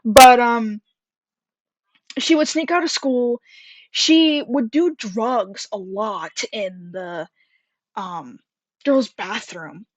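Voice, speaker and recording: A woman's voice: a little high, extremely slow, long pauses, dry recording, highs cut off. A young woman telling a story from her school days in a casual, rambling way, full of fillers, a little out of breath. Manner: chatty, rambling, many fillers and laughs.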